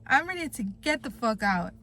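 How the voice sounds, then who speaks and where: Frustrated bright-voiced woman venting. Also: on the high side, very animated, moderate pace. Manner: frustrated, blunt, swears a lot. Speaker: vlogger. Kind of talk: venting to camera.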